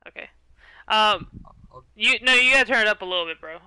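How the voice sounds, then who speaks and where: A woman live streaming, chatting casually and laughing a lot as she talks loudly into her headset. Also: mid-range voice, low-quality recording. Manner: giggly, chatty, says she talks loud. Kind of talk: casual gaming stream chat.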